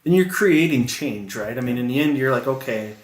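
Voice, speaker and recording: A man's voice: medium pitch, expressive, brisk. Reflective man co-host, echoey room. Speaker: podcast co-host. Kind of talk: casual faith-based chat.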